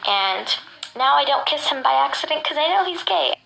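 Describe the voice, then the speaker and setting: A woman's voice: high voice, lively intonation, normal speed, creaky, pushed and bright, roomy sound, slight background noise, poor audio. A woman telling a personal story in a chatty, gushing way, full of "like". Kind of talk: storytime narration.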